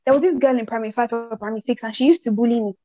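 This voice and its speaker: This young Nigerian-accented podcast host chats casually, sharing personal stories at a rapid-fire clip in a high voice. She's an animated storyteller who energetically acts out the quotes of the people involved. The audio is slightly muffled and dry, with no echo or room sound.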